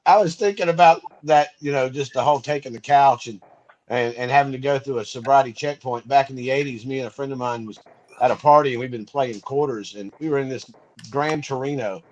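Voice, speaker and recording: A man's voice: medium pitch, brisk, a little mellow, lo-fi sound, slight background noise. A man co-hosting a podcast, telling a rambling anecdote in a casual, laughing way, from Georgia. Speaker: podcast co-host. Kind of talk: casual storytelling.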